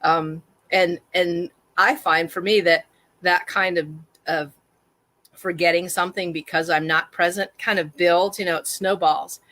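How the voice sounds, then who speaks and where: A woman's voice: on the low side, fairly even intonation, measured pace, fairly bright tone, dry recording. A woman speaking as a guest on a conversation podcast, candid and self-deprecating, laughing easily at herself. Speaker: guest, trauma awareness activist. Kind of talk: reflective conversational talk.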